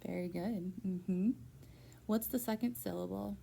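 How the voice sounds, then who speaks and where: A woman teacher giving a patient one-on-one phonics lesson in a school room, slowly stretching out words to model their syllables. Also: mid-range voice, vocal fry, warm tone, slight background noise.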